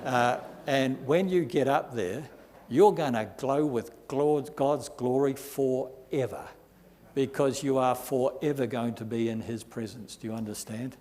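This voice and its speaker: A man preaching a sermon as pastor, reading scripture aloud with rising force and slowing down for emphasis. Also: mid-range voice, a little mellow. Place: church hall. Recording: long hall reverb in a church.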